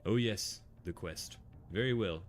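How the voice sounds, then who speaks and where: A man's voice: on the low side, a little slow, soft background music, close to an everyday voice. A man reading as a doting dryad queen. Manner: gushing, theatrical endearments. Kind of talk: reading game dialogue aloud.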